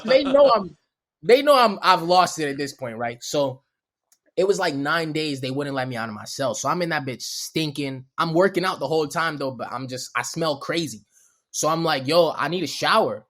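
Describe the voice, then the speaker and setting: A young man casually telling a long, animated story on a podcast, often laughing and acting out what people said in a raised voice. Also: fairly high pitch, moderate pace.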